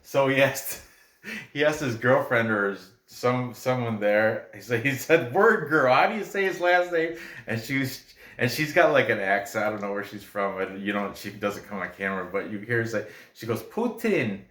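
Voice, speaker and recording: A man's voice: on the low side, moderate pace, a bit bright. A man hosting a casual show on fight betting picks, rambling, trailing off and restarting his sentences. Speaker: MMA betting picks host. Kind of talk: casual chat. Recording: roomy echo.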